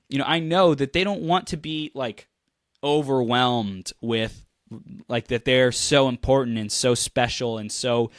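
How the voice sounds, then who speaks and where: A young adult man coaching in a motivational monologue, energetic and animated, acting out people's reactions and laughing often. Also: mid-range voice, no echo, studio quality.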